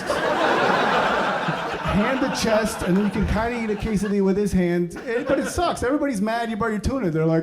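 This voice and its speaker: A middle-aged man doing a stand-up routine about parenting, ranting in an exasperated way and breaking into shouted outbursts. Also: sits high, fairly quick, over a noisy crowd. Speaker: stand-up comedian. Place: comedy stage before a laughing audience. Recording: live stage set with loud audience noise.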